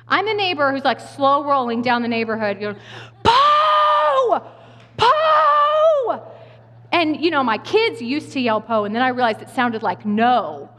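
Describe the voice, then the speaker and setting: A woman in her thirties or forties gives a lively, humorous sermon and acts out the voices of the people in her story. Her voice sits a little high. Long reverb from a large church hall trails behind her words. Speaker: speaker giving a sermon.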